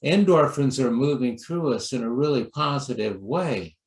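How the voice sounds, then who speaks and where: A man pastor giving a sermon talk in a gentle storytelling manner, acting out quoted lines with lively voices. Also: medium pitch, normal speed, reverberant.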